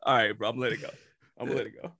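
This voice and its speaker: A man co-hosting a casual podcast, telling an animated story and acting out the quotes, swearing freely. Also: mid-range voice, rapid-fire, no echo. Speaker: podcast co-host.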